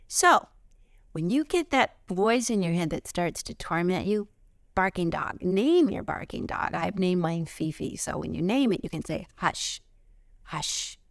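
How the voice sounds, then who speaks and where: Middle-aged woman, spiritual teacher outdoors; low and gravelly, close and dry, animated with hushed asides. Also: dry recording. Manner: expressive, swings into high excited bursts and soft whispers. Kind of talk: spiritual lesson talk.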